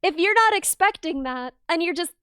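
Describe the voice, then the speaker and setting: A woman hosting a casual stream, chatting and teasing her guest with quick deadpan quips. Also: very high voice, dry recording, studio quality. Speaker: streamer host.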